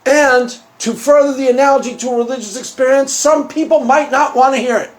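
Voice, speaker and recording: A man hosting his own video, arguing a point in an animated monologue and acting out bits of dialogue. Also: extremely high pitch, fairly quick. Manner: animated, acts out quoted dialogue. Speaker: video host. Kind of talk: argumentative monologue.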